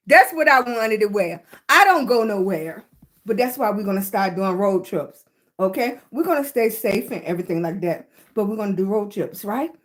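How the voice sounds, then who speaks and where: A woman's voice: mid-range voice, expressive, normal speed, a bit bright. A middle-aged woman chatting casually with her livestream viewers, short of breath, laughing often and greeting people by name. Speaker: livestream host.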